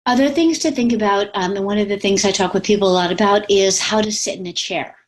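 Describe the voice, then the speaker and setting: A woman coach talks casually from home over a video call, with a mid-pitched, ordinary voice for a woman. She is lively and chatty and laughs easily as she explains her advice. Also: quick pace. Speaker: communication coach. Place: home with pets.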